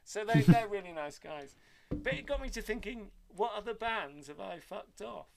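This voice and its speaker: A man's voice: sits high, normal speed, gravelly, crowd noise. An older man telling rambling anecdotes in casual chat, cursing freely. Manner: lively rambling storyteller, swears freely.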